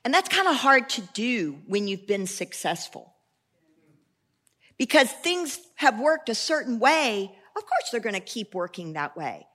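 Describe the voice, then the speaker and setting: Bright-voiced woman preaching, animated. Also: on the high side, unhurried. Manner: conversational, animated storytelling with asides and restarts. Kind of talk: sermon.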